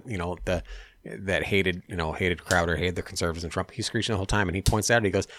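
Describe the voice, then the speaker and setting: A man with a low, deep voice recounts an argument in casual podcast chat, blunt and a little profane. He raises his voice into animated bursts whenever he quotes someone. The sound is dry and close. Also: no echo. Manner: animated retelling, acting out quotes with raised pitch.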